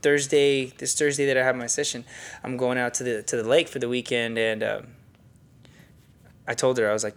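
A man's voice: mid-range voice, level tone, a little fast, creaky, fairly bright tone. A young man co-hosting a podcast in casual chat, laid-back and slangy, swearing freely. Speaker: podcast co-host.

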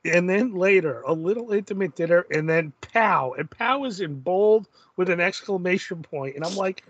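A man co-hosting a podcast, chatting casually in a relaxed, amused way. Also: sits high, moderate pace, hardly any pauses, no echo, highs cut off. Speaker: podcast co-host. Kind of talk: casual chat about comics.

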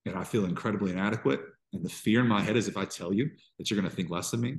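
A man with a very deep, low voice shares his personal struggles as a podcast guest. He talks in halting bursts, restarting sentences and circling back as he works through what he feels. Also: creaky. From Georgia. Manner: halting, restarts often, emotional storytelling. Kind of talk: candid interview conversation.

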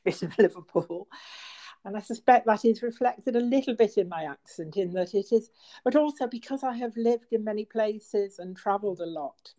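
A woman from Merseyside with a soft northern English accent, introducing herself as a guest in a measured, articulate way. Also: mid-range voice, rough recording. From Merseyside, England. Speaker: guest, team member. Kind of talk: prepared self-introduction.

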